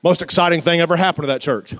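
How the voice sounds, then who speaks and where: Preaching in church, this male pastor swings between humorous anecdotes, sudden loud outbursts and slow, drawn-out emphasis, all in an animated, conversational style. His voice runs on the high side and the recording is dry.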